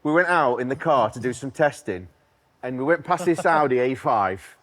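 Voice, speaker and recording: A man's voice: medium pitch, lively intonation, normal speed, a bit bright. A man, a technician, telling a story in an easygoing, casual way on a podcast. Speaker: master technician guest.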